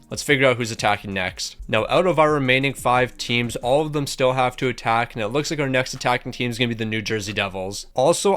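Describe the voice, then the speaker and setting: A man's voice: medium pitch, fairly bright tone. A young man commentating his own hockey video game run in a chatty, rambling way, often correcting himself.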